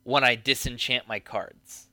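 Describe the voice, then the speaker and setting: A man's voice: medium pitch, fairly even intonation, measured pace, pushed and bright, no echo, studio quality. A man co-hosting a podcast in casual chat, joking and thinking aloud with restarts. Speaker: podcast co-host.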